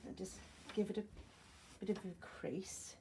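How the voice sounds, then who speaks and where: Slow and fairly even in intonation, this Australian woman's medium-pitched voice is creaky and a little mellow, with a slight hiss or hum in the audio. She's a sewing crafter chatting casually in a home vlog, rambling and self-correcting, filmed by a camera nearby in a room with a wooden floor.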